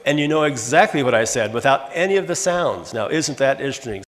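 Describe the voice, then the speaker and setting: A man in his sixties, a retired English teacher, lecturing in a halting, teacherly way with many restarts. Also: medium pitch, expressive, very noisy. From Los Angeles, USA. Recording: long hall reverb.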